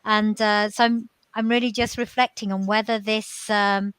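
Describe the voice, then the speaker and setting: A woman's voice: mid-range voice, flat delivery, moderate pace, a bit bright, smooth, no echo, rough recording. A woman hosting an interview who reflects aloud and asks encouraging questions. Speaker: host.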